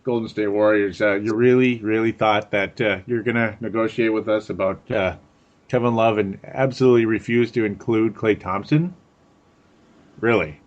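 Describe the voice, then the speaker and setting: A man's voice: on the low side, steady tone, moderate pace. Guy cohosting a sports podcast, talky, laughs a lot, kinda muffled lo-fi sound. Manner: chatty, laughs often, repeats words for effect. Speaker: podcast co-host. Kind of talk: casual sports chat. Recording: dull lo-fi audio.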